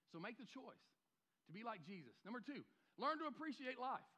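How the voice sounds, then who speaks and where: A man preaching a sermon as pastor. He swings between loud exhortation and quiet, and often repeats or restarts words. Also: very high voice, very animated, a little fast. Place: church sanctuary.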